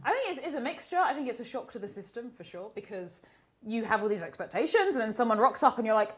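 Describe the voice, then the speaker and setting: A young woman from the UK telling comic stories as a guest, animated and laughing often through her lines. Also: a little high, fast. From United Kingdom. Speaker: comedian guest. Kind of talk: comic storytelling and chat.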